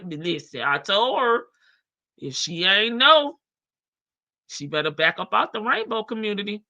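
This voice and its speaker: Woman streamer, lively pitch, unhurried, bright lo-fi audio. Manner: chatty, laughing, talks to her chat. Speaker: livestream host. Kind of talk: casual live-stream chat.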